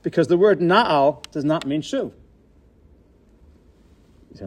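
A man with a fairly high, husky voice takes it slowly as he delivers a Torah lecture. He works through questions he poses himself and slips Hebrew and Yiddish-style expressions into his English.

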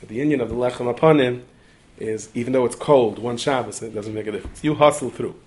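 Fast-talking storytelling preacher, man. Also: medium pitch, fairly even intonation, a little mellow. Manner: rapid, digressive, with repeated restarts and asides. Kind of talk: storytelling sermon.

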